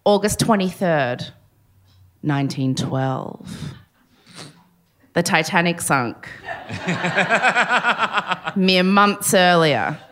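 A woman's voice: fairly low pitch, expressive, fairly bright tone. A woman from Sydney with an Australian accent, co-hosting a live podcast show with jokey, chatty storytelling. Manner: chatty, jokey, quick asides. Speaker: podcast co-host.

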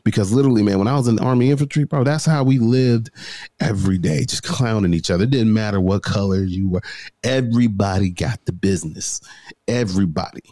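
A man in his thirties talking casually as a podcast guest, an animated storyteller who says bro and man a lot. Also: on the low side, brisk, dry recording. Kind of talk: casual conversation.

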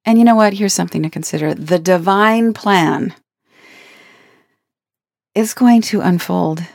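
Woman speaker with a low voice, earnest, playful self-help talk, dry close sound. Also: measured pace, vocal fry, a little mellow, no room sound. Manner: earnest, playful, laughs between points. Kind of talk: reflective spoken talk.

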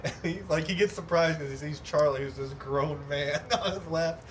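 A man's voice: fairly high pitch, moderate pace, slight background noise. A man in casual chat, retelling funny scenes and laughing often. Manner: animated storyteller, laughs often.

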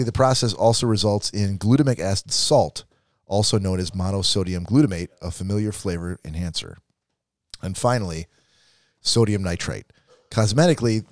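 Low voiced guy reading off ingredient facts, deadpan jokes, dry mic. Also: dry recording. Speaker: podcast co-host. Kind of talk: reading facts in casual chat.

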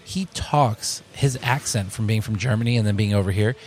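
A man, a bar co-owner, telling stories in a casual interview, animated and full of restarts. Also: fairly low pitch, normal speed. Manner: storytelling, animated, many restarts.

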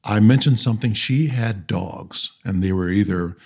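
A man who is a guest on a podcast, chatting over a video call and telling wry, animated stories. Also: on the low side, normal speed, creaky, breathy edge. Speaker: guest, actor and pilot.

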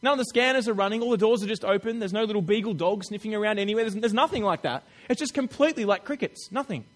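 A man preaching a sermon in a chatty, animated way, acting out little quotes with laughs. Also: high voice, fast talker.

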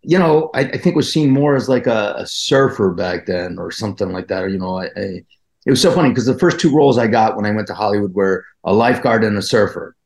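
A man in his fifties from New Jersey, a guest actor telling stories in a casual podcast interview, rambling and halting as he goes. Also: fairly low pitch, animated, a little mellow. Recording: roomy echo.

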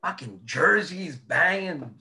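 A man's voice: a little high, lively intonation, slow pace, sharp tone. A man telling hockey road stories in casual chat, swearing often and laughing through them.

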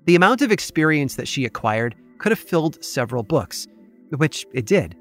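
A man hosting a podcast, telling a true story in scripted, measured narration with a wry touch. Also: on the high side, very animated. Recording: faint music bed behind.

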